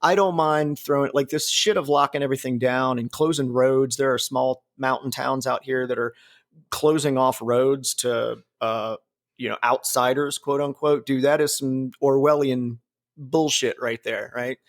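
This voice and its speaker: A man's voice: medium pitch, fairly even intonation, normal speed. Rambling, swearing man hosting a podcast. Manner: rambling, profane, laughs at own jokes. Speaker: podcast host. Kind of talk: casual podcast chat.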